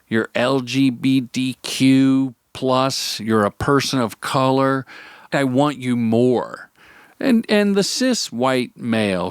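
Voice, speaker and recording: A man's voice: mid-range voice, no room sound, studio quality. Chatty man hosting a podcast. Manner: chatty, rambling, upbeat, self-interrupting. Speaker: podcast host. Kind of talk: casual solo podcast monologue.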